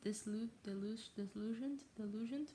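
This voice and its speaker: A woman reads a novel aloud casually in a put-on English accent, frequently stumbling over words and stopping for self-mocking asides. Her voice is on the high side and dark-toned, at a moderate pace, with slight background noise.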